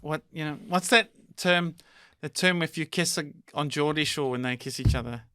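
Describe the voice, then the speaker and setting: A man from South Africa co-hosting a comedy podcast, playful and quick to exclaim. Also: fairly high pitch, pushed and bright, smooth, no room sound, clean studio sound. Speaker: podcast co-host. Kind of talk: casual comedy chat.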